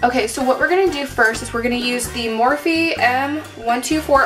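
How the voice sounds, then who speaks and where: With music in the background, a young beauty vlogger talks at a moderate pace in a voice that sits high. At home by her mirror, she works through a makeup tutorial for a camera propped on a table, casually poking fun at herself, sarcastic and heavy on "like."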